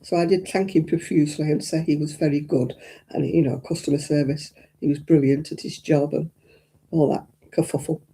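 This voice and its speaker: A woman's voice: low-pitched, fairly even intonation, brisk, mellow, husky. An older woman, chatting casually as host of a crafting livestream and rambling through anecdotes. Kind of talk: casual chat.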